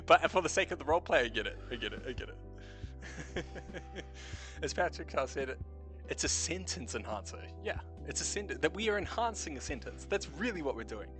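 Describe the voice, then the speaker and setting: Young man, New Zealand accent, higher voice, casual stream talk, swears a lot, laughs often, faint background music. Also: big pitch swings, fairly quick. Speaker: stream host. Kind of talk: casual late-night chat.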